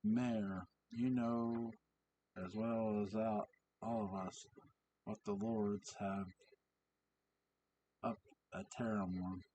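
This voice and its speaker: A man's voice: lowish voice, fairly even intonation, takes it slowly, long pauses, dark tone. A man voicing an angry villager confronting the mayor, recorded on a distant mic with faint hiss. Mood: confrontational. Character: angry man in a pub crowd.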